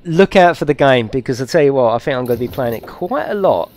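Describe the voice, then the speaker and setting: A man giving excitable, chatty live commentary while streaming a game and talking to his viewers. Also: medium pitch, fast.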